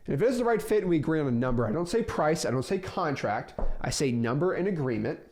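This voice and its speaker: Man, real estate coach, lively swooping delivery, slightly high voice, energetic instructional talk. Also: fast talker. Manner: animated, acts out both sides of sales calls. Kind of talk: instructional talk with role-played calls.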